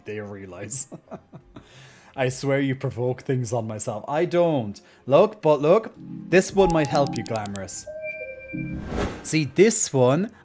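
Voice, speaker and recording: A man's voice: medium pitch, a little mellow. A man streaming live and chatting casually, joking a lot, laughing often and restarting his sentences.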